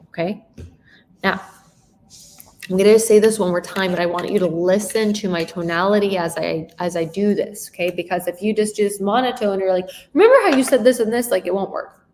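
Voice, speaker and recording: Woman sales coach, lowish voice, very expressive, lots of quick check-ins, faint hiss behind. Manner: expressive, shifting tone and emphasis; frequent rhetorical check-in questions. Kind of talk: live sales training talk.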